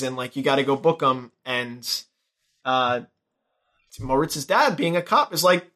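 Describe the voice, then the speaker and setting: A young man in casual conversation, recounting a movie scene by scene. His voice sits a little high for a man, and he drops into quick impressions of the characters as he goes. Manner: animated retelling, acting out characters' lines. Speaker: podcast co-host. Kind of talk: casual movie recap chat.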